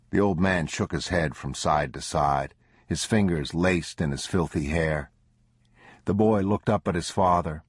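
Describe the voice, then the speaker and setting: A man narrates a bleak survival audiobook with a measured, grim delivery. His voice is deep and husky, and the close, dry recording keeps it intimate. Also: no echo. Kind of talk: scripted narration.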